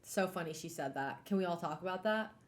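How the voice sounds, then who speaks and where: A young adult woman streamer reading a novel aloud and chatting about it in a casual, animated way, swearing casually and laughing often. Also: lowish voice, brisk. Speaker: streamer hosting a book club.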